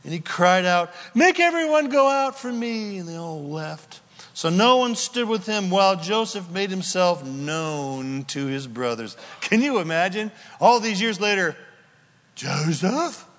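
A male pastor delivers a sermon in a slow, deliberate cadence at a fairly high pitch. His storytelling is animated but often sinks to a hush. The long reverb of a large sanctuary surrounds his voice. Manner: animated storytelling, dropping to a hushed prayer.

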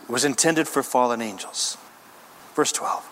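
A man preaching a sermon as a pastor, emphatic and dramatic, building long lists and pausing for effect. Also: medium pitch, fairly bright tone, a little hiss or hum. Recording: long hall reverb.

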